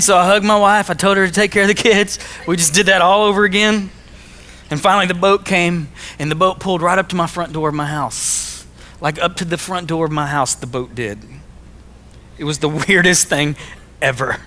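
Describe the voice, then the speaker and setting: A man from Arkansas, giving a jokey, animated storytelling talk to a school audience. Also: sits high, normal speed. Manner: animated, jokey, acts out his own quotes. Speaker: motivational speaker.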